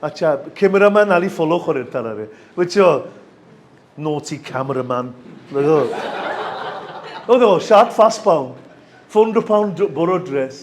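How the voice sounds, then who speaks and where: A man from Sylhet with a Sylheti accent, a university lecturer giving a lively, chatty workshop talk to students and often checking they follow. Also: a little high, rapid-fire, pauses often. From Bangladesh, Sylhet region. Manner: chatty and enthusiastic, asks for agreement often.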